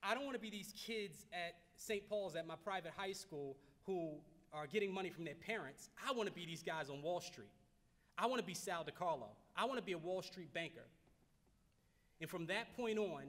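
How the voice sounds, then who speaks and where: A fairly high-pitched man in his thirties, from Baltimore, delivers a motivational keynote. He speaks earnestly, repeating phrases for emphasis and stumbling into restarts. His voice rings out with a long reverb in a large banquet hall. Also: lively intonation, moderate pace, fairly bright tone. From Baltimore, United States.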